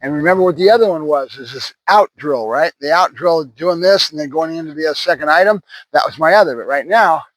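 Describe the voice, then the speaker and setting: Guy training a puppy outside, keeps asking "right?" to the camera, kinda high voice, dry sound. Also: fairly quick, few pauses, fairly bright tone, dry recording, rough recording. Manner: talks to camera while praising and cueing a puppy, frequent "right?". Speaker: dog trainer. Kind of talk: running commentary during training. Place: outdoors.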